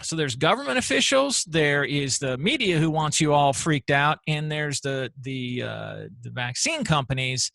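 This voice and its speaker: A male host talks straight to his viewers in an animated, rambling monologue with restarts. His voice is on the high side, bright and gravelly. It is recorded close and dry. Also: normal speed, hardly any pauses, no echo. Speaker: show host. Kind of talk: opinionated solo commentary.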